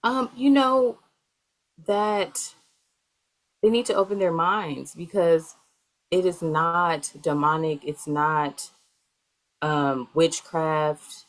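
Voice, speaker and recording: A woman's voice: low voice, slow pace, long pauses, low-quality recording. A young adult woman guest speaking in a casual interview, rambling with many fillers. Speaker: guest, healer.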